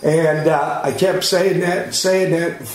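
A man's voice: on the high side, steady tone, measured pace. A man giving a witness statement, rambling and repeating himself in a plain-spoken casual account. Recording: heavy echo, faint background noise.

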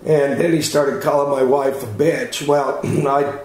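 A man's voice: mid-range voice, fairly even intonation, a little slow, darkish tone. A man giving a witness statement, rambling and repeating himself in a plain-spoken casual account. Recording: heavy echo, faint background noise.

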